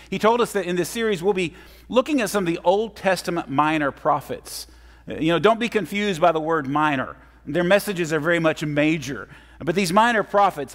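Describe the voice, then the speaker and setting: A man giving a guest sermon in a church, friendly and telling stories with humor. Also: on the high side. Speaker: guest preacher. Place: church sanctuary. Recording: long reverb of a church hall.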